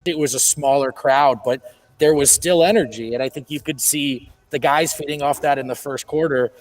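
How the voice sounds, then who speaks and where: A man reporting remotely from an arena, relaxed and a little worn out. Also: medium pitch, normal speed, low-quality recording. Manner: relaxed, tired-sounding. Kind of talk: casual remote chat.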